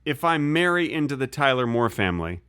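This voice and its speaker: Deadpan man bantering absurdly. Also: mid-range voice, fairly quick, clean tone, dry recording, clean studio sound. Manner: deadpan, absurd, acts out voices in quotes. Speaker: podcast co-host.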